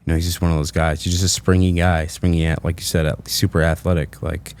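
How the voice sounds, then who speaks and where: A man with a very deep voice rambles through his fight picks, leaning on filler phrases as he goes. He talks casually as a podcast panelist. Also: little pitch movement, fast, darkish tone. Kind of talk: casual fight-breakdown chat.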